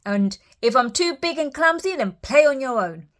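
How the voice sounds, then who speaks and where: A woman voicing a big, clumsy, warm-hearted male bear in a picture book, with a bouncy, fussing manner. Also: high-pitched, expressive, moderate pace, pitched above the performer's own voice. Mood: hurt.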